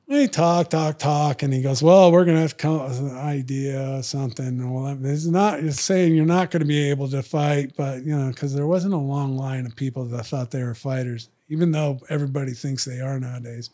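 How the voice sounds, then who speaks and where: A man's voice: mid-range voice, fairly even intonation, a little fast, few pauses, mellow. A man telling a long story in casual podcast chat, acting out other people's lines in raised voices. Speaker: podcast guest, retired fighter.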